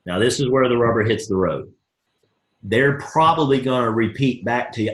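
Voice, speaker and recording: Medium in pitch and normal in speed, a network marketing team leader hosts an upbeat live coaching call. He's folksy and energetic, role-playing both voices in sample dialogues, with a roomy echo around him.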